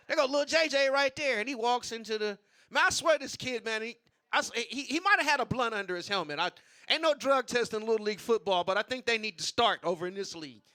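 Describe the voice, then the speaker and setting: Man, stand-up comic, very high, smooth clear voice, loose profane storytelling. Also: pushed and bright. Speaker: stand-up comedian. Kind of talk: stand-up comedy set. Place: comedy club open mic.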